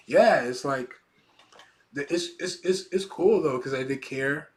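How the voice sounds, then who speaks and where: Male reaction host, excitable and profane, reading manga panels aloud in a hushed voice. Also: medium pitch, unhurried. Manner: excitable, swears a lot, laughs often. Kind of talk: casual reaction commentary.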